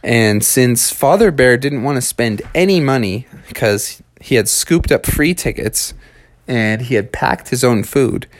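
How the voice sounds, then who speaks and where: A man's voice: medium pitch, expressive, unhurried, no room sound. A man telling a made-up story to children in a loose, chatty way, with slang and fillers.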